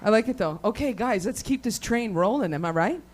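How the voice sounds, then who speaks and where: A woman's voice: mid-range voice, animated, fairly quick, a little mellow. A woman doing a raunchy stand-up set, rambling, swearing constantly and laughing at her own jokes. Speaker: stand-up comedian. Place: comedy show venue with live audience.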